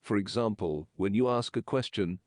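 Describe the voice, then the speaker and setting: A man narrating an English lesson in slow, measured, explanatory sentences. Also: lowish voice, dry recording, studio quality.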